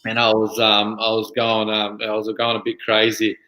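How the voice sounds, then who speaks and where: A man in his thirties, a guest on a podcast, talking in a relaxed, rambling way. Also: on the low side, moderate pace, roomy sound, rough recording. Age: 30s. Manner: relaxed, lots of "you know" fillers. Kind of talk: casual interview.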